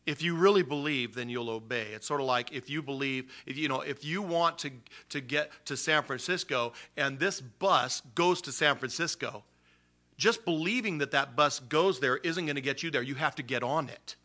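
A man preaching a sermon with a bright, forward voice. He keeps it animated and uses casual slang as he teaches. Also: medium pitch, normal speed. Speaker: pastor.

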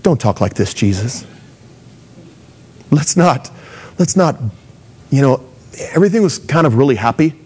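A man's voice: medium pitch, very animated, a little slow, pauses often, darkish tone, slight background noise. A man preaching a sermon in a casual, conversational way, acting out the voices of the people he quotes. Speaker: pastor.

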